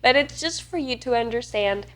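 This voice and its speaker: A woman's voice: on the high side, animated, normal speed, fairly bright tone. A woman from northeast Italy, a native Italian speaker with an Italian accent, teaching a pronunciation lesson and carefully stretching out each sound to demonstrate it. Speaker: language teacher.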